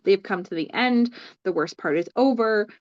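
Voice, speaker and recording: A woman's voice: medium pitch, moderate pace, a little mellow, muffled recording. A woman co-hosting a casual chat about tarot cards, thinking aloud with many fillers. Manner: thoughtful, lots of fillers. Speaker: tarot reader and co-host.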